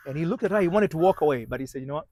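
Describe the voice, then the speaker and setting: A man coaching on marriage, telling a story in halting sentences with many restarts and dropping to a hushed voice at tense moments. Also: on the high side, animated, highs cut off. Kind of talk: motivational storytelling talk.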